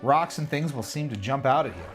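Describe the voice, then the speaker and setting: A man reading out the lines of a friendly game townsperson who gives advice, quickly and matter-of-factly. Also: mid-range voice, expressive, soft background music, lightly acted. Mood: advising.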